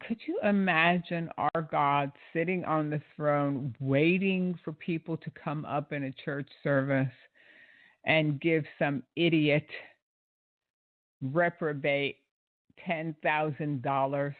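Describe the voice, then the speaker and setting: Man, high voice, indignant commentary, sarcastic, lots of uh and um, dry tinny phone-like sound. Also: steady tone, takes it slowly, no room sound. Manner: indignant, sarcastic, many fillers. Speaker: online show host. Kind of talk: critical commentary.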